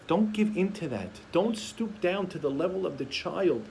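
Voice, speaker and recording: A man's voice: sits high, expressive, moderate pace, gravelly, a little mellow, a little hiss or hum. A man giving a sermon as a rabbi, telling stories and acting out the voices of parents and children. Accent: Sephardic-community American English.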